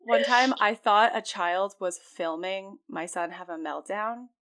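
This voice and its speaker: A woman co-hosting a podcast in casual chat, telling stories in an animated way. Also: medium pitch, measured pace. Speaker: podcast co-host.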